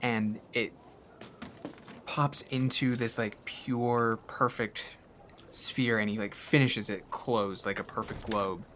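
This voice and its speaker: A man's voice: lowish voice, steady tone, slow, a bit bright, slight background noise. A man narrating as game master in a tabletop game, rambling casually with many fillers.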